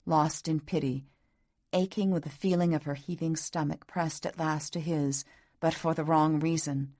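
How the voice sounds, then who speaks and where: A woman reading a romance novel aloud in soft, measured scripted narration. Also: low-pitched. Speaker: audiobook narrator.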